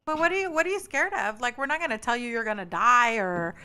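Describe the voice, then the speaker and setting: Podcast guest: bright, fairly high-voiced woman, blunt, confident, swears casually. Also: lively intonation, quick pace, smooth. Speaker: guest spiritual reader.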